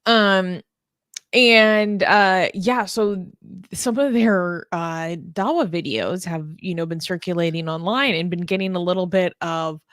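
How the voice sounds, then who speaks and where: Chatty woman with a low, dry voice. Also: a little slow, a bit bright, dry recording. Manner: chatty, with many fillers and restarts. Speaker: co-host of a news talk show. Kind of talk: casual news discussion.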